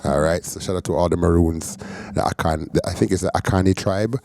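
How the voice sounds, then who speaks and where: Deep, mellow-voiced male commentator. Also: fairly quick, no echo. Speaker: host reacting to clips. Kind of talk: casual commentary.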